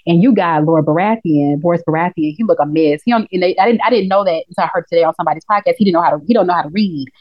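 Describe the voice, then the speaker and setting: A woman co-hosts a casual podcast, retelling scenes at a rapid clip. She slips in and out of playful character voices while she talks. Her voice sits a little low, and the recording sounds muffled and lo-fi. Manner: animated storytelling, acts out characters in quotes. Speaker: podcast co-host. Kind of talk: casual recap chat. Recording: dull lo-fi audio.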